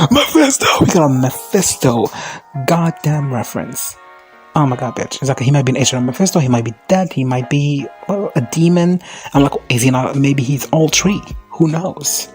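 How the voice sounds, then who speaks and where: A man giving a casual, profane recap of a TV episode, chatty and quick to laugh. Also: medium pitch, a little mellow. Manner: chatty, laughs often, swears freely. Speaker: recap commentator.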